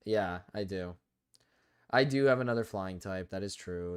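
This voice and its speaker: His voice is fairly low and smooth, delivered at a moderate pace. Sick with a cold, the young man grumbles and swears in frustration while commentating a live gaming stream.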